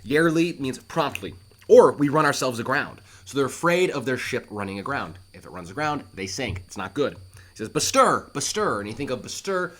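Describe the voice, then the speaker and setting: A man teaching a play line by line, animated and reassuring, who breaks into acted quotes as he explains. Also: medium pitch. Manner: talks straight to the student, reassuring.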